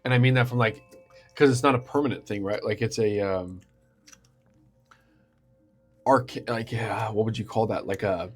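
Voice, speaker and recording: A man with a low voice plays a tabletop game, asking questions hesitantly and hunting for the right words. He talks casually, and quiet music plays underneath. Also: normal speed, long pauses. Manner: mumbling, hesitant, searches for words. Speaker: player.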